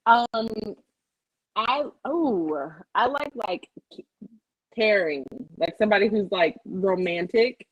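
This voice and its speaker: A woman's voice: medium pitch, expressive, slow, husky, muffled recording. A young adult woman chatting casually on a talk show, hesitant, with lots of likes and ums. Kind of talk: casual chat.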